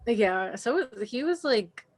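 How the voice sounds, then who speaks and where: Young woman podcast co-host, fairly high voice, chatty storyteller. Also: slow, loud music behind the voice. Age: young adult. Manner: animated storyteller, acts out quotes, frequent "like". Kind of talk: casual chat.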